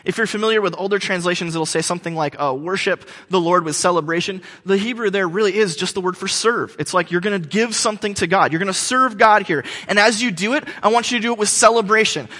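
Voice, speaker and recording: A man's voice: high voice, fast, few pauses, sharp tone. A man in his thirties preaching a sermon in a church hall, telling jokes and stories, with many fillers and restarts. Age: 30s. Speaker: pastor. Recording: long hall reverb.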